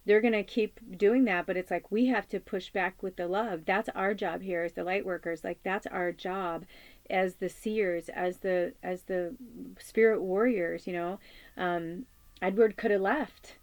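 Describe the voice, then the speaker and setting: On a dry recording, a woman with a medium-pitched, steady and slightly mellow voice speaks a little slowly. She's a forties-aged spiritual medium who hosts a channel, and her relaxed spiritual talk is earnest and rambling, with frequent fillers and restarts.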